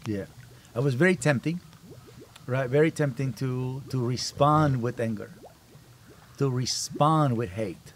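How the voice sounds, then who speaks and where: A man's voice: mid-range voice, a little slow, pauses often, slight background noise. Emphatic man talking as a podcast host. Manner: emphatic, repeats phrases while building a point. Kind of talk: casual family podcast chat.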